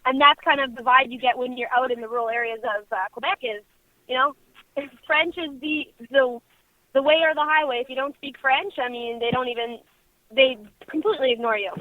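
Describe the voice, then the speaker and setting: A woman's voice: sits high, steady tone, brisk, no echo, phone-quality sound. A woman, a radio co-host telling rambling stories in casual chat, full of "like". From Canadian prairies. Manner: chatty rambling storyteller, many "like"s.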